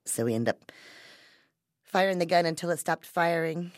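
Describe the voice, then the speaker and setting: Low-voiced woman narrating true crime. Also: expressive, no echo, clean studio sound. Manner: measured, conversational storytelling. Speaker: podcast narrator.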